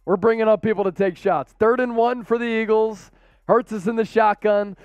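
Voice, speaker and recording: A man hosts a rowdy live-stream watch party, calling plays between jokes in a casual, excitable way. His voice is high and smooth. The sound is dry, with a slightly dull tone. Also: normal speed, no echo. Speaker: host.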